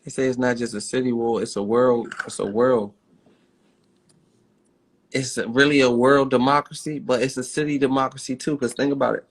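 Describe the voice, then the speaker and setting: A man's voice: medium pitch, fairly even intonation, normal speed. A man with a Baltimore accent ranting bluntly and profanely on a phone livestream. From Baltimore, USA.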